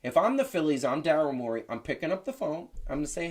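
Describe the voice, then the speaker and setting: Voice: medium pitch, fast. A host on a casual sports talk show, arguing his points emphatically. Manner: emphatic, animated, argumentative.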